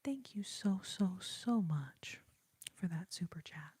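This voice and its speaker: A young woman hosting a live stream, talking gently in a half-whisper and laughing easily as she thanks viewers. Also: fairly low pitch, lively intonation, takes it slowly, breathy edge, no echo. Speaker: ASMR and singing live-stream host. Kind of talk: soft-spoken live-stream chat reading viewer comments. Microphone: sensitive studio microphone.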